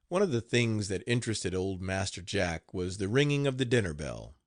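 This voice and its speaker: A man reading an audiobook aloud in an expressive, animated way. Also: low-pitched, moderate pace, few pauses, no room sound, studio quality. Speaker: audiobook narrator. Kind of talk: scripted audiobook narration.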